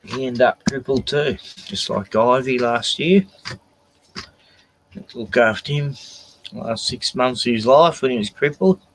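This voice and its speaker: A man's voice: medium pitch, unhurried, pauses often, a little hiss or hum, poor audio. A drunk man, rambling, swearing and laughing as he chats to his dogs on a live stream from inside a caravan. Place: small caravan indoors.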